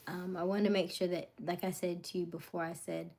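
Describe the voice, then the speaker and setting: Young woman, livestream host, slightly low pitch, loose chatty delivery that keeps slipping into whispers. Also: level tone, fairly quick, creaky, a little mellow. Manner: rambling, many fillers, drops to whispers and back. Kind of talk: casual livestream chat.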